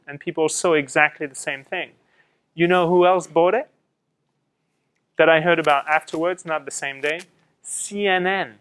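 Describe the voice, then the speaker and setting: A middle-aged man from France gives a lively classroom talk, turning to his students with questions. His voice is fairly high and smooth, and it comes through a slightly fuzzy mic. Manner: lively storytelling, quotes others in acted asides. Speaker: guest speaker presenting to students.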